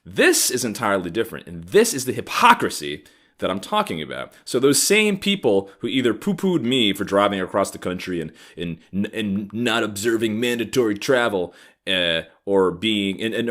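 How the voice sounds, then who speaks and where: A man's voice: lowish voice, sing-song, moderate pace, a bit bright. A man in his thirties hosting a comedy podcast, delivering an angry, profane, sarcastic rant. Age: 30s. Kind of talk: ranting comedic monologue.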